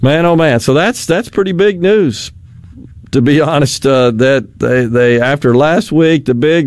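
A man's voice: on the high side, unhurried, dry recording. A man hosting a talk radio show, commenting sardonically on the news, chuckling and mocking officials in quoted voices.

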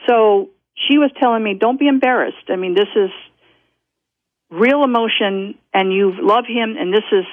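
Over a tinny telephone line, a woman guest tells a personal story in a rambling, self-interrupting way, often breaking into laughter. Her mid-range voice is a little slow, with no room sound.

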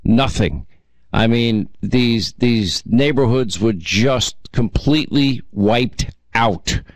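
A man's voice: mid-range voice, expressive, slow pace, no echo. A man hosting a call-in radio talk show, chatting and reminiscing with callers. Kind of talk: casual call-in chat.

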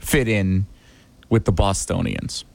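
A man's voice: sits low, fairly even intonation, slow, creaky, darkish tone, dry recording. A man chatting casually on a show, telling a rambling, self-deprecating story about his trip. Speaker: show regular back from a trip. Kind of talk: casual chat.

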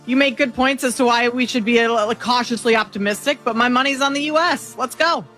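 A woman's voice: a little high, quick pace, a bit bright, faint music behind. A woman co-hosting a talk show, chatting casually with frequent ums and a self-deprecating manner. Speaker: co-host.

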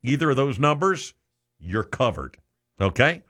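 A man hosting a morning radio show, talking in an energetic, upbeat way with his pitch jumping up on phrases. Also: unhurried. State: out of breath. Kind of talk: morning radio chatter and promo. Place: radio studio.

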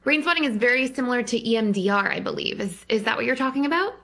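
A woman therapist explains her method to radio callers at a steady clip. Her voice has a gravelly fry, and she laughs easily between points. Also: fairly high pitch, quick pace. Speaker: guest therapist. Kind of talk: explaining on a radio call-in show.

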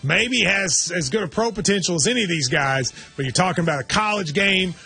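A man's voice: high voice, animated, brisk, vocal fry, sharp tone, husky, soft background music. A man co-hosting a sports talk show, giving firm, opinionated picks. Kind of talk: radio sports chat.

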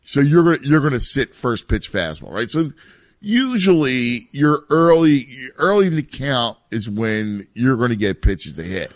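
Everyday male co-host, middle pitch, loose talkative delivery, dry room. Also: very animated, measured pace, dry recording. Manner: rambling, many restarts, conversational. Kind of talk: casual podcast chat.

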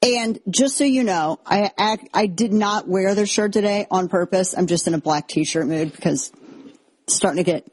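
Chatty, husky-voiced woman host. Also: mid-range voice, moderate pace, no echo. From Texas. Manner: chatty, sarcastic, animated asides. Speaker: commentary show host. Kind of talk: casual opinion monologue. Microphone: headphones on, close mic.

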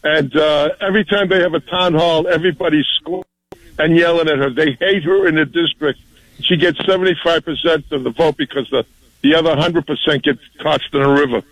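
A man's voice: on the high side, fairly even intonation, brisk, a bit bright, no room sound, low-quality recording. A man calling in to a talk radio show, indignant and ranting. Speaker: caller.

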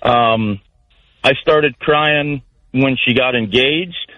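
A man's voice: medium pitch, drawn-out words, no room sound. Middle-aged man telling a story on a muffled line. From Florida. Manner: warm-hearted, rambling storytelling. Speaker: radio show caller. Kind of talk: casual call-in chat.

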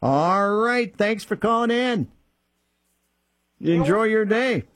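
A man hosting a radio buy-and-sell call-in show, reading listings plainly and repeating phone numbers slowly. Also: sits high, expressive, fairly bright tone, no echo, clean studio sound.

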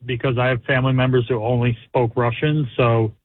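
A man's voice: medium pitch, little pitch movement, fairly quick, dry recording. A man from the United States calling into a radio show, telling a rambling, filler-heavy story. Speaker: radio caller. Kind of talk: phone-in anecdote. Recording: phone line.

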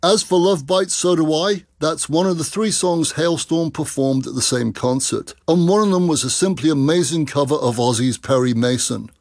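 A man's voice: on the high side, moderate pace, hardly any pauses, no echo, studio quality. A man hosting a rock music radio show, chatting enthusiastically and jokily between songs.

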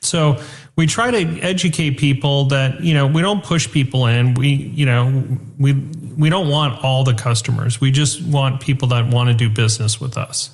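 A man's voice: mid-range voice, moderate pace. A man who runs a company, a guest on a radio talk show, chatty and full of fillers, acting out calls with customers. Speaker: company chief executive guest. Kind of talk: radio interview.

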